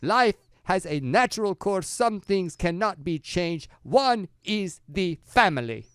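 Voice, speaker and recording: A man's voice: high voice, animated, slow, clean tone, no echo, clean studio sound, pitched above the performer's own voice. Man putting on a haughty mock-Italian designer. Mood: preachy. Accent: mock Italian priest-comedian accent. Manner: haughty, preachy declarations. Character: pompous middle-aged male Italian fashion designer.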